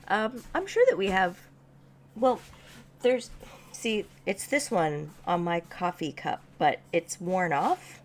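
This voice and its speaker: A woman's voice: lowish voice, animated, slow pace, a little hiss or hum. A woman co-hosting a livestream, chatting casually and rambling with many restarts. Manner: rambling, restarting thoughts, filler-heavy. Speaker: channel co-host on a livestream. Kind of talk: casual chat.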